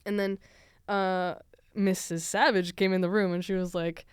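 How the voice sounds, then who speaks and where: Chatty young woman from Venezuela, crisp voice. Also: fairly low pitch, little pitch movement, unhurried, no echo, studio quality. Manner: chatty, many fillers, laughs often. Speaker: podcast host. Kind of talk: casual storytelling.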